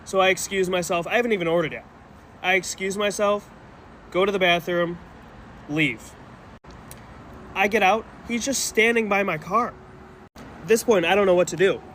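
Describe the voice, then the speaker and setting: High-voiced man telling a rattled story. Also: a bit bright, slight background noise. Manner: rattled, earnest, quick retelling. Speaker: storyteller in a social media clip. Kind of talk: casual first-person storytelling.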